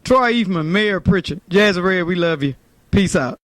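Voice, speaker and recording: High-voiced male show host, excited and repetitive, dry sound. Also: normal speed, dry recording. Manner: excited, repeats himself. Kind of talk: casual chat.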